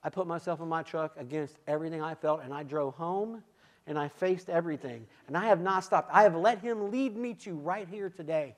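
A man giving a sermon testimony, swinging from quiet, intimate moments to loud, emphatic calls, with repeated "come on" and "listen". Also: a little high, a little fast. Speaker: guest speaker giving testimony.

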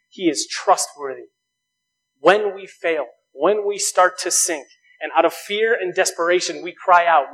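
A man's voice: high voice, measured pace, fairly bright tone, poor audio. A man preaching a sermon, earnest, building emphasis through rhetorical questions. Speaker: pastor.

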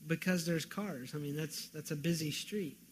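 A man preaching a sermon as pastor, moving from loud pleading questions to quiet, earnest emphasis. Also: a little high, normal speed, a little hiss or hum.

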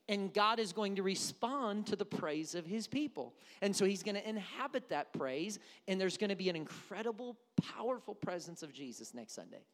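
A male pastor preaching a sermon, telling stories with humorous asides in an animated way. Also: high-pitched, in a large hall. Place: church sanctuary.

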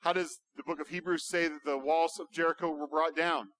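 A man's voice: a little high, flat delivery, fairly quick, a bit bright, no room sound. A man preaches in a slightly raised voice, pressing his points with emphatic rhetorical questions. The recording is dry and close, with little room sound. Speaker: pastor. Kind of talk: sermon.

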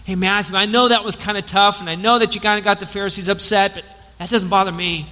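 A man voicing Jesus as a gentle, tender figure praising a follower, speaking softly, quietly and low. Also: steady tone, quick pace. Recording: long church hall reverb.

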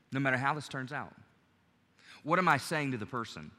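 A man's voice: a little high, fairly quick, bright, forceful tone, big-room sound. A man preaching a sermon in a conversational way, acting out quoted lines as he goes. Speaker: pastor.

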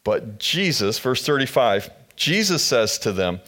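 A man's voice: medium pitch, big pitch swings, a little slow, sharp tone. A man preaching a sermon as pastor, retelling scripture in casual, conversational storytelling.

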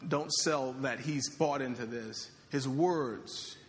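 A man's voice: mid-range voice, slow, slight background noise. A man preaching a sermon as pastor in a conversational way, with joking asides. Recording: reverberant hall.

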